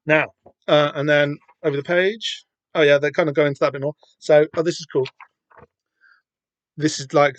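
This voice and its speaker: A man's voice: medium pitch, a bit bright, dry recording. A man hosting a podcast, reading through a comic and rambling in loose, casual commentary. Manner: rambling, lots of fillers and restarts. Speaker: podcast host.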